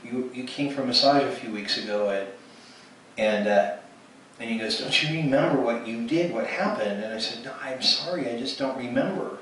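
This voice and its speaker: At a ministry gathering in a church hall, a male speaker gives a testimony sermon, storytelling with many restarts and acting out quoted dialogue. His mid-range voice is fairly bright and at a normal speed, recorded from a distance in the echoey hall with faint noise.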